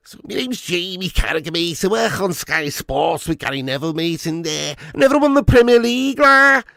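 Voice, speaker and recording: A man putting on a mocking Scouse-accented impression of a male football pundit, with a drawn-out nasal drawl. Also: sits high, lively intonation, creaky, bright, forceful tone, no echo, studio quality, full character voice. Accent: Scouse (put on).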